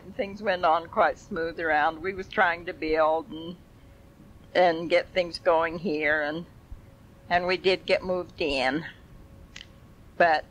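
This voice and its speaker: A woman's voice: fairly low pitch, a bit bright, poor audio. An older woman telling family stories in a folksy, rambling way with chuckles. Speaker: family storyteller. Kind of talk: oral history reminiscence.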